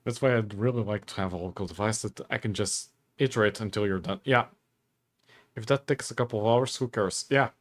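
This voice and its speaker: A man's voice: fairly low pitch, brisk. A man chatting casually on a live stream, rambling and breaking off his own sentences. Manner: rambling, self-interrupting, hiccups and coughs.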